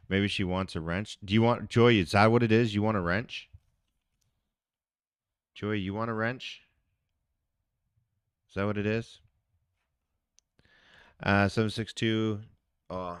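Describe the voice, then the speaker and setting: Man, live stream, Canadian accent, smooth voice, dry sound, chatting to viewers. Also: fairly low pitch, steady tone, slow, long pauses, no echo. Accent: Canadian English. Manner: chatty, talks to viewers in the chat. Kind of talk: casual live-stream chat. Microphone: phone.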